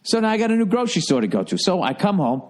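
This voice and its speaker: Middle-aged American man hosting a podcast, swearing and rambling through a comic story in a lively, animated way. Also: sits high, very fast. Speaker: podcast host. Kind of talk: casual comedic storytelling.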